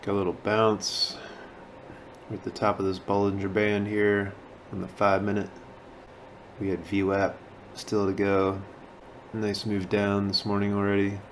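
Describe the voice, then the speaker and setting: A man's voice: on the low side, monotone, unhurried, a little hiss or hum. A man talking casually through his trading session, sounding sleepy as though he just woke up. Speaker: day trader. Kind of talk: casual trading commentary and voice-over.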